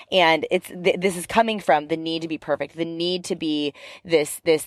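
A woman hosting her own podcast, talking in an upbeat, chatty, motivational way. Her voice is raspy from the tail end of a cough, and she is recording in her parked car on a headset mic. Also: fairly low pitch, dry recording, clean studio sound. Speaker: podcast host and life coach. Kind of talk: energetic motivational podcast talk. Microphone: headphones with mic.

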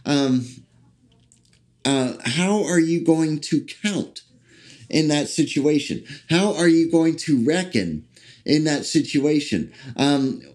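A man preaching a sermon, speaking haltingly with many fillers and restarts and slowing down to read scripture aloud. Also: a little high, animated, a little mellow.

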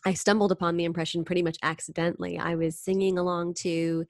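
Chatty woman with a lowish voice. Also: fast talker, no room sound, studio quality. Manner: animated, chatty storyteller who briefly slips into singing impressions. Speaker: guest, singer and impressionist. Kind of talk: interview conversation.

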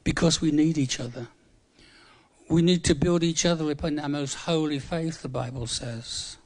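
With a slightly high voice and a moderate pace, a 75-year-old preacher from England talks to his church in a humorous, conversational way. He's in his 70s and repeats words for emphasis.

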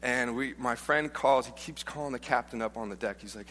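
In a church auditorium with the long reverb of a large hall, a man delivers a conversational, joking sermon built on personal stories, informal and humorous, frequently restarting his sentences. His voice is medium-pitched, a bit bright, and a little fast, with slight background noise.

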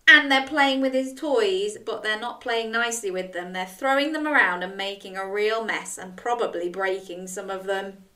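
A woman reading a children's picture book aloud, animated and full of gasps, inviting young listeners to join in. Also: medium pitch. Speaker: storyteller for children. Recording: roomy, from a distance.

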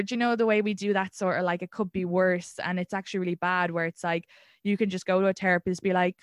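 A young Irish woman in casual conversation, chatty and candid, slipping into lively voices when she tells a story. Her voice sits mid-range for a woman and is recorded close and dry. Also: mid-range voice, quick pace, dry recording. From Ireland. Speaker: guest, comedian.

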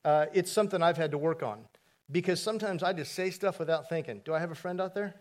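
A man's voice: on the high side, fast. A man preaching a sermon as pastor, telling stories in a conversational way with asides to the congregation.

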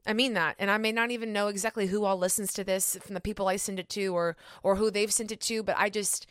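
A woman's voice: medium pitch, fairly even intonation, fast, smooth, dry recording. Casting: woman, early 30s, bubbly podcast host, laughs a lot, dry close sound. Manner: bubbly, laughs often, self-teasing. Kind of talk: casual solo podcast chat.

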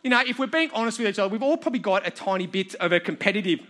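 A man's voice: high voice, animated, racing, sharp tone, slight background noise. An Australian man preaching to a live audience, telling a funny childhood story with self-mocking humour.

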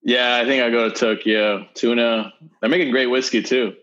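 A man's voice: medium pitch, steady tone, moderate pace, a bit bright, lo-fi sound. A man guest in a casual chat, laid-back and slangy. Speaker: panel guest.

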